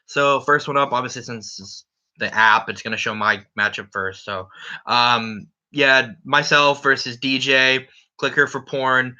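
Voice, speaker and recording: A man's voice: mid-range voice, fairly even intonation, measured pace, pushed and bright, dull audio. A man running a casual solo fantasy football recap as league commissioner, brash and profane, ribbing the other league members.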